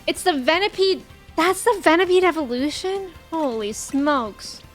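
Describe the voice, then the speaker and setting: Excitable high-voiced woman streamer. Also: unhurried. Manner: excitable, jumps to frightened shrieks and laughter. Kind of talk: live gameplay commentary. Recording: game music playing underneath. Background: faint game music.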